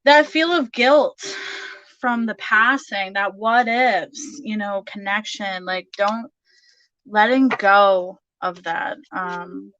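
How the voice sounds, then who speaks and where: A woman's voice: medium pitch, takes it slowly, a bit bright, dry recording, lo-fi sound. A woman giving a casual tarot reading, chatty and full of fillers, laughing often. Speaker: tarot reader.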